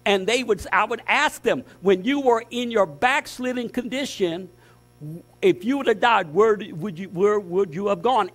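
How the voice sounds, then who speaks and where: A man preaching as pastor, fervent, dropping to hushed tones and rising to loud, emphatic lists. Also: sits high, normal speed. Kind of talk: sermon.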